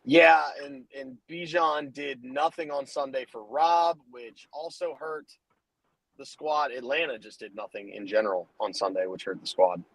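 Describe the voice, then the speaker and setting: A man's voice: mid-range voice, normal speed, gravelly, a bit bright, dry recording, low-quality recording. A man hosting a casual sports betting podcast, talking loose and hyped with lots of fillers, recorded from his car while driving. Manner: loose, hype, rambling with fillers and restarts. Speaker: podcast host.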